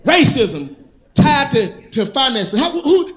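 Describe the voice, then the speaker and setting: Male stand-up comic, very high and lively, sing-song storyteller who laughs along at his own lines. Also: brisk. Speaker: stand-up comedian. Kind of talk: stand-up comedy set. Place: comedy club stage.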